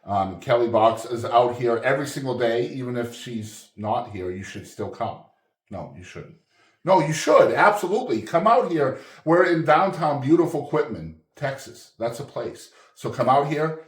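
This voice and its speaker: A man's voice: medium pitch, expressive, moderate pace, few pauses, roomy sound. A man hosting a podcast interview at a coffeehouse, chatting in an upbeat, joking way. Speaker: podcast host. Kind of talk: casual interview chat. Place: coffeehouse, indoors.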